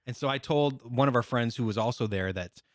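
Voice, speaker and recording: A man's voice: mid-range voice, no echo, clean studio sound. A man co-hosting a podcast, telling a story in a loose, casual way with lots of fillers and restarts. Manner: laid-back, halting with many fillers and restarts. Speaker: podcast co-host.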